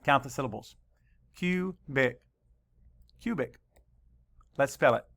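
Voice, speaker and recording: A male teacher leading a spelling lesson for children, spelling words slowly letter by letter and adding dry asides. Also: mid-range voice, expressive, gravelly, fairly bright tone.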